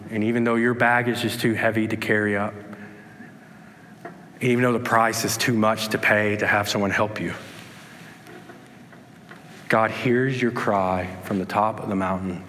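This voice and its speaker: A man preaching a sermon, earnest and animated, acting out pleading voices and calm replies. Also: on the low side, moderate pace, long pauses, a little hiss or hum. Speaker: pastor. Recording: reverberant hall with faint ambience.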